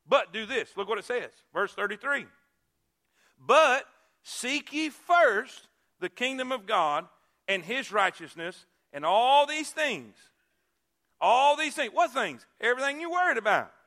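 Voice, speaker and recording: A male pastor preaching a sermon, repeating key phrases and swinging from loud emphasis to hushed asides. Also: high voice.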